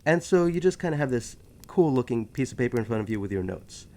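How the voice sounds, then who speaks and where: A man's voice: medium pitch, expressive, fast, dark tone. A man with a New York accent, hosting his history channel in a chatty, joking monologue full of self-aware asides. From New York City. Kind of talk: casual rambling monologue.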